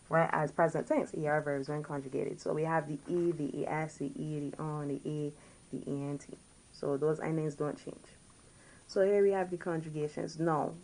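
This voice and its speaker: A woman teaching a recorded French lesson, drilling words slowly and patiently and correcting herself as she goes. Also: low-pitched, a little hiss or hum, poor audio.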